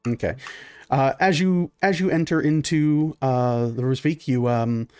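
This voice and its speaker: A man's voice: mid-range voice, a little slow, a little mellow, clean tone, no room sound, clean studio sound. A man narrating a tabletop game as game master, describing scenes in a rambling way with many fillers.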